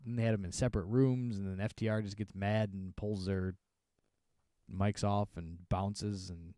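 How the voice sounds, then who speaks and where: A man co-hosts a podcast and recaps wrestling shows in loose, rambling, sarcastic chat. His voice is mellow and dark, recorded dry and close. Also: fairly low pitch, steady tone, moderate pace, no room sound. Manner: rambling, sarcastic, acts out wrestlers' shouted lines. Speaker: podcast co-host.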